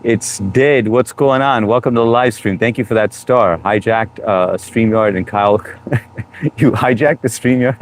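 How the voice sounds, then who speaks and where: A man's voice: on the low side, unhurried, slight background noise. Jokey man hosting a live stream. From United States. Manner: jokey, greets viewers by name. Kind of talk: casual live-stream chat reading comments. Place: home room, New York.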